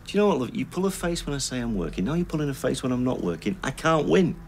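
A man's voice: medium pitch, big pitch swings, quick pace, a little hiss or hum. A man with a Northern English accent in a television soap drama, talking in a jokey, easygoing way at home.

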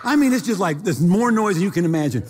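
A man's voice: sits high, expressive, fast, shouting, heavy background noise. A middle-aged man preaching a sermon, telling a personal story with sound effects and acted quotes. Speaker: pastor. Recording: long hall reverb.

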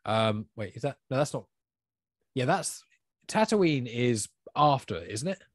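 A man's voice: mid-range voice, sing-song, no room sound. Opinionated man on a dry podcast mic. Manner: opinionated, spurts of fast talk. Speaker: podcast guest. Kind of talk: casual podcast chat.

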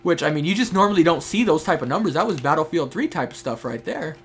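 A man's voice: on the high side, expressive, quick pace, slight background noise. A young man giving casual, chatty commentary while playing a shooter game, talking to teammates and viewers. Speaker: gameplay streamer. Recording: faint game gunfire behind.

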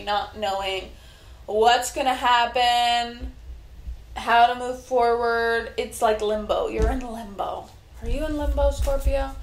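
A chatty woman in a casual tarot reading video, her talk rambling and full of fillers. Her voice sits a bit high and rings in a roomy, echoey space. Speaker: tarot reader. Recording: echoey room.

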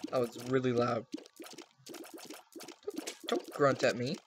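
A man's voice: medium pitch, steady tone, slow. Chatty young man with noisy recording. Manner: chatty, goofy, talks to his pets. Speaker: gaming channel host. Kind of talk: casual let's play commentary.

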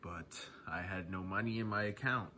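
A young man spins a casual storytime tale in a fairly low but bright, punchy voice. He talks loosely and swears freely, often breaking into chuckles, with a faint hiss of noise behind him. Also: normal speed. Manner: laid-back, profane, chuckling often.

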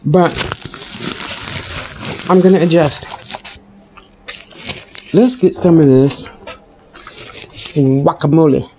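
A woman's voice: low voice, takes it slowly, pauses often, mellow, slight background noise. A woman vlogger chatting casually while eating and talking with her mouth full. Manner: talks with mouth full, chewing and smacking. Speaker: food vlogger.

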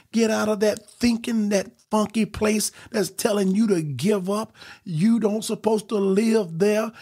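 A man preaching a fervent podcast sermon, exhorting listeners with quick bursts and drawn-out emphasis. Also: high-pitched, gravelly, darkish tone, husky.

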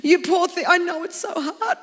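A woman's voice: extremely high pitch, normal speed, fairly bright tone, long reverb tail, voice pushed up. A woman with an Australian accent voicing a gushing, over-sympathetic comforter who coos with exaggerated pity. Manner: syrupy, cooing, exaggerated sympathy.

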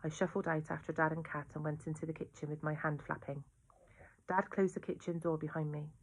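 A woman reads a children's novel aloud, her voice sitting low. Her delivery is steady and even, like a classroom storytelling session. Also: brisk, breathy edge. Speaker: reader.

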